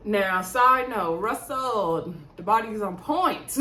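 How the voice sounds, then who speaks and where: A woman at a middle pitch chats through a reality show recap in a relaxed, rambling way. She piles on asides and fillers as if talking to friends. Her voice carries a noticeable room echo. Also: takes it slowly, hardly any pauses. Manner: rambling, chatty, digressive, with frequent asides and fillers. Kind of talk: casual chatty episode recap. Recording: roomy echo.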